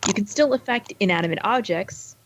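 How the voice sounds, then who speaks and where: A woman playing a tabletop role-playing game, talking in a playful, halting way with many fillers. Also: medium pitch. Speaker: player. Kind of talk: casual tabletop play.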